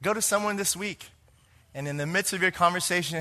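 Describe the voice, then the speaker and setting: Expressive man preaching a sermon. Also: high-pitched, fairly quick. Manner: expressive, shifts between hushed and emphatic delivery, asks the congregation questions. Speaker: pastor.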